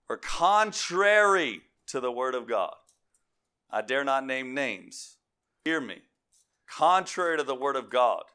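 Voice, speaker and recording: A man delivers a sermon in a bright, forceful voice. He reads scripture and calls out to his congregation as he preaches. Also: fairly low pitch.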